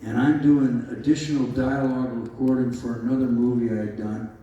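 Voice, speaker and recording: A man's voice: mid-range voice, fairly even intonation, normal speed, warm tone, distant mic, lo-fi sound. An American man in his sixties, a guest at a convention panel, telling rambling, joking stories with lots of fillers. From United States. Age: 60s. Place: large convention hall. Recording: echoey hall, heard from afar, faint noise.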